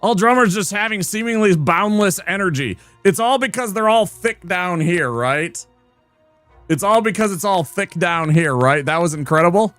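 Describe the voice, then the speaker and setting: A man's voice: high-pitched, animated, moderate pace, a bit bright, no room sound, faint music behind. A man streaming and commenting on a game in a playful, teasing, chatty manner. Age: adult. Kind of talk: casual gameplay commentary.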